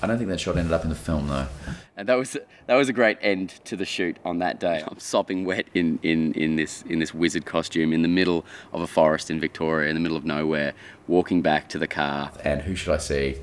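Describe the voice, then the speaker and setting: A young Australian man, an actor, telling animated anecdotes about a film shoot in a casual interview. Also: a bass voice, a little fast. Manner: animated storyteller, acts out quotes.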